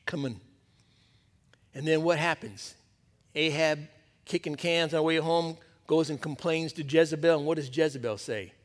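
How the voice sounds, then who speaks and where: A male pastor giving a sermon to a men's Bible study, preaching in a conversational, emphatic way that drops to a hush at times. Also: high-pitched.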